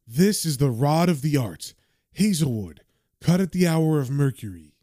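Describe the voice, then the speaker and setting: A man's voice: fairly high pitch, very animated, normal speed, mellow, no echo, clean studio sound. A man doing a grim young occultist chanting. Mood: solemn. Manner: solemn, intense incantation. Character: grim young male occultist casting a spell.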